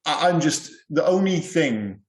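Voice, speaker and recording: A man's voice: on the high side, animated, unhurried. A man co-hosting a film podcast, rambling and chatty, with lots of restarts. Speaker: podcast co-host. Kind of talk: casual film chat. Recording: echoey room.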